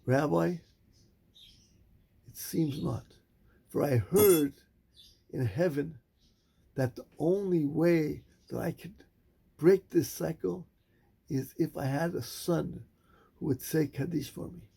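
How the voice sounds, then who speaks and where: A man puts on a doomed dead soul from a spoken tale, pleading in a low, hushed voice. The voice is gravelly and husky, and it sits fairly high for a man. The soul sounds weary and resigned. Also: slow pace, long pauses, full character voice. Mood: mournful.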